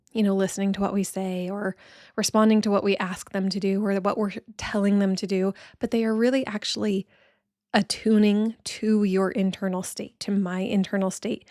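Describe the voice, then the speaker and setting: A woman's voice: medium pitch, darkish tone, dry recording, studio quality. A woman hosting a podcast, telling a personal story in a candid, reflective, conversational way with casual fillers. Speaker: podcast host.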